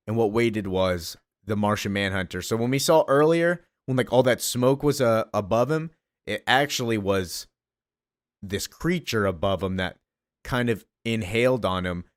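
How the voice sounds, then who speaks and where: A man recapping a comic issue in an excited, gushing way, briefly reading the characters' lines in slightly changed voices. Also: fairly low pitch, a little slow, no room sound, studio quality. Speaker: comic book reviewer.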